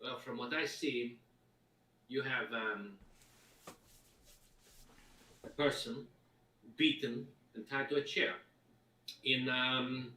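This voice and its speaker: A man's voice: mid-range voice, steady tone, slow, pauses often, pushed and bright. A man narrating as game master, hesitant and full of fillers while he plays a guard captain. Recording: echoey room, voice far from mic.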